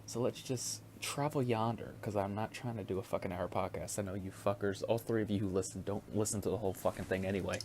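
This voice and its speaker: Low, casual young guy, profane and rambling, chuckles a lot, solo podcast host. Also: fairly even intonation, quick pace, few pauses, darkish tone, a little hiss or hum.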